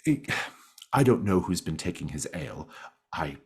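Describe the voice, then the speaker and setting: A man's voice: low-pitched, very animated, moderate pace, slightly rough, heavily acted. A man voicing a weary male inn owner who sighs and stammers defensively. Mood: flustered. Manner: sighing, flustered.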